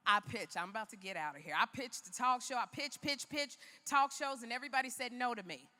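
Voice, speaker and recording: A woman's voice: fairly high pitch, brisk, bright, forceful tone, big-room sound. A woman from Chicago giving a motivational keynote speech in a large arena, telling her story in an emphatic, preacher-like way. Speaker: keynote speaker.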